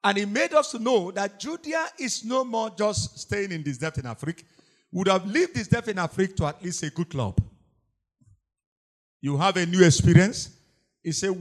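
Man, sermon, animated delivery, lively pitch, slightly high voice. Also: moderate pace. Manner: animated preaching with frequent laughter and repetition. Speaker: preacher.

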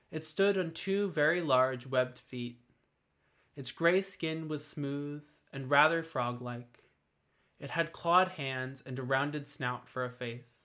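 A man reading a fantasy story aloud in a steady, measured storytelling manner. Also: mid-range voice. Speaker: narrator. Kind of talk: scripted fantasy narration.

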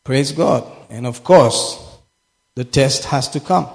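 A man's voice: medium pitch, slow, vocal fry. A man preaching a sermon as pastor, impassioned and repeating phrases for emphasis. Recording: echoey hall with long reverb.

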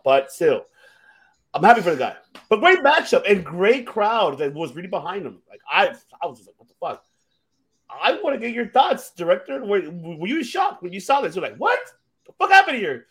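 Excitable man with lively, swooping pitch. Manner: animated, excitable, swears freely. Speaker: podcast co-host. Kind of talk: casual wrestling chat.

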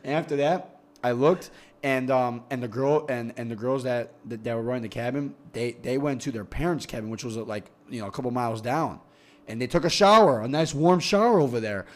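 A man's voice: medium pitch, a little fast. Profane young man telling a rambling story. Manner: profane, rambling, repeats words when excited. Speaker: podcast guest. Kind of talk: casual storytelling.

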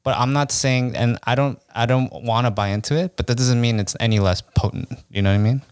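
A man's voice: mid-range voice, fairly even intonation, fairly quick, clean tone, no echo, studio quality. A man in casual chat with friends, rambling and dropping "like" into nearly every phrase. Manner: rambling, many "like" fillers.

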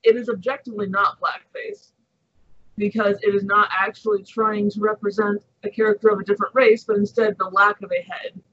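A man co-hosting a casual podcast who explains things in a measured way and steers the talk back on topic. His voice is high and bright. The sound is dull and lo-fi. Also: flat delivery, slightly rough. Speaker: podcast co-host. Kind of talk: casual chat.

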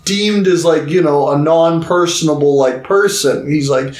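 A man co-hosting a podcast, chatting casually about films and acting out quotes in sudden high voices. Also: moderate pace, a little mellow. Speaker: podcast co-host. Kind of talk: casual film discussion. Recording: roomy echo.

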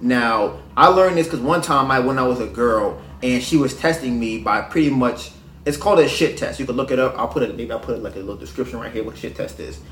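A man delivers a casual, preachy monologue of dating advice, full of slang and sometimes sinking to a low murmur. His voice sits at an ordinary pitch for a man. The room adds a noticeable echo. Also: fast, a bit bright, slight background noise. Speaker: podcast host. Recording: roomy echo.

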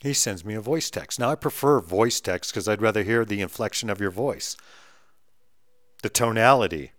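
A middle-aged man ranting bluntly and with profanity, swinging between loud outbursts and low mutters. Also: animated, moderate pace, dry recording, clean studio sound. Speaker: vlogger ranting on camera. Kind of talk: heated monologue rant.

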